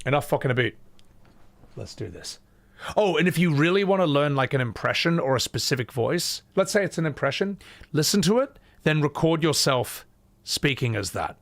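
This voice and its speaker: Gravelly man chatting on stream. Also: fairly high pitch, lively intonation, moderate pace. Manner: chatty, loose, swears casually. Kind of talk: casual live-stream chat.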